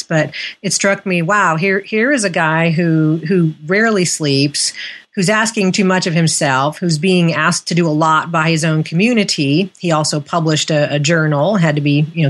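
Low-voiced woman author discussing her research. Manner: thoughtful, with frequent fillers and restarts. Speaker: author being interviewed. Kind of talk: conversational interview.

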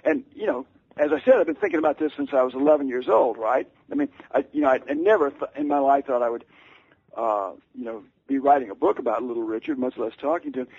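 A man's voice: medium pitch, fast, darkish tone, husky, dry recording. A man, an author and radio guest, telling a story with lots of stammering, restarts and fillers. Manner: stammering and rambling with many fillers. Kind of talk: anecdotal storytelling. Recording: dull lo-fi radio sound.

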